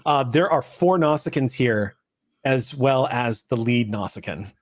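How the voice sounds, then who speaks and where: A male game master running a live tabletop session. His voice sits at a middle pitch, and he narrates scenes and walks the players through the rules with frequent fillers. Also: expressive, unhurried.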